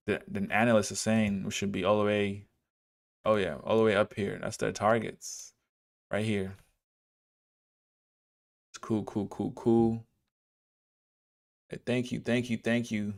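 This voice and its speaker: Laid-back gravelly man streaming. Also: lowish voice. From Dallas, Texas. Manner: laid-back, chats with viewers while reading charts. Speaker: livestreamer teaching trading. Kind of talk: casual livestream chat over charts.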